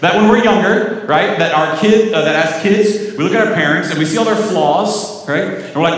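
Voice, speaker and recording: A middle-aged man preaching a sermon, telling stories and chatting asides to the congregation. His voice sits a bit high for a man. It carries through a big echoey church hall, picked up from some distance. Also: moderate pace, a bit bright. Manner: conversational, storytelling with asides to the congregation. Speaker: pastor.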